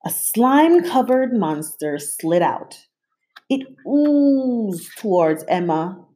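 A woman reading a children's storybook aloud. Her voice swings widely as she plays up each moment. She keeps an easy, slow pace. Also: mid-range voice. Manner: animated, playful. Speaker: storybook reader.

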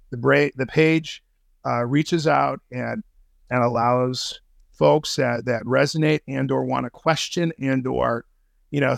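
With a gravelly, mid-range voice, this man talks as a podcast guest in a relaxed interview, cursing, using slang, and filling his speech with fillers and restarts. He's an intelligence analyst, and there's no room sound.

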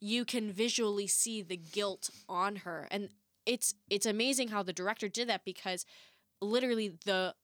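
A woman talks through a movie in a casual chat with a friend, slipping into the characters' lines as she retells scenes. Her voice has a middle pitch for a woman and sounds dry and close to the mic, with little room sound. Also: normal speed, no echo. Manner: animated, acts out movie quotes. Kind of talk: casual film discussion.

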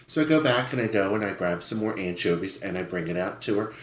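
A man's voice: sits low, quick pace. A man, a guest on a podcast, telling a story about a rude customer from his server days and acting out the people in it. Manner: animated, acts out the people in his story, swears freely. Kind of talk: casual storytelling. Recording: echoey room.

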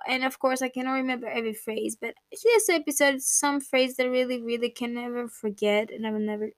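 A woman's voice: sits high, fairly bright tone, no echo. A young woman hosting a personal podcast, talking casually and emotionally, rambling, laughing and swearing now and then. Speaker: podcast host.

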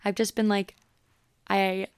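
A young woman in her twenties chats through a solo podcast episode in an easygoing, upbeat way, peppering her talk with "like." Her voice is smooth and resonant but carries a lot of vocal fry. The sound is close and dry. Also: medium pitch, flat delivery, slow, no echo. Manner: chatty, upbeat, many "like" fillers. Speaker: podcast host.

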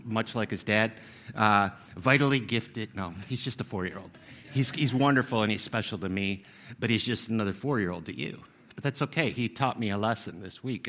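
A man in his sixties, a pastor giving a sermon in a relaxed, conversational, self-deprecating way, full of fillers and restarts. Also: lowish voice. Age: 60s. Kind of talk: sermon with personal story.

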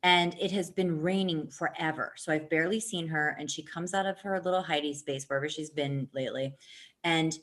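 A woman with a slightly low voice tells a story in a loose, chatty way. She swears freely, laughs easily and swings her voice up and down as she gets into it. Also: a little fast. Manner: animated, profane, laughs often. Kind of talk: casual storytelling chat.

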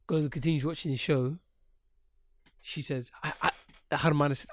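A man co-hosting a podcast, telling a long story in casual chat, animated and rambling, swearing freely. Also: fairly high pitch, normal speed, dry recording, studio quality. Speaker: podcast co-host.

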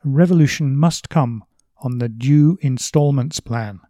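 A calm, moderate middle-aged everyman , read aloud by a man makes his case in an earnest, reasoned way. The voice is lifted above a plain speaking tone but stays measured. The sound is dry and close. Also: mid-range voice, dry recording, lightly acted. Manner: earnest, reasoned, raised reading voice. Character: mild philosophical middle-aged male everyman. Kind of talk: reading a novel passage aloud.

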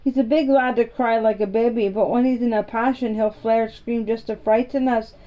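A woman reads a storybook, lightly acting the part of a fretful, excitable young housemaid who speaks in dialect and lets out anxious exclamations. Her fairly high voice keeps fairly even intonation at a normal pace, and the recording sounds muffled.

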